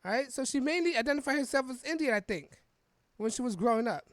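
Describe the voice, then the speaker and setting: A woman hosts a podcast and talks through the news in a loose, rambling way, restarting her sentences and tagging them with questions. Her voice sits on the higher side. The sound is dry and close, with no room around it. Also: lively intonation, quick pace, no room sound. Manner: rambling, frequent restarts and "right?" tags. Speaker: podcast host. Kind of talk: casual political commentary reading an article.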